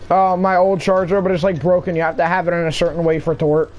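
A man's voice: high voice, level tone, fast, highs cut off, background noise. A man chatting casually with friends while live streaming a game, rambling and swearing freely. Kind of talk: casual gaming chat.

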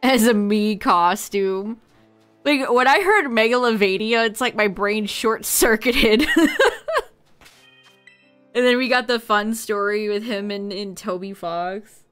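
Slow-talking chatty woman streamer. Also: medium pitch, a bit bright, clean tone, soft background music. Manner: chatty, laughs often, talks to chat. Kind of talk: casual live-stream chat.

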